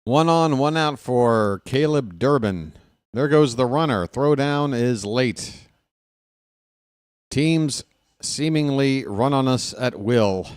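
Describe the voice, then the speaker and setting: A man's voice: medium pitch, lively intonation, slow, clean tone, no room sound, clean studio sound. A man doing casual, rambling play-by-play for a live stream, joking and snapping at the umpire. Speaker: fan play-by-play commentator.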